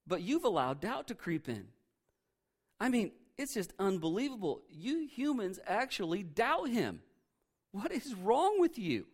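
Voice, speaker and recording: A man's voice: high-pitched, sing-song, normal speed, slightly rough, heavily acted. A man voicing condescending angels who mock and question humans in disbelief. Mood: incredulous. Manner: mocking, incredulous questions.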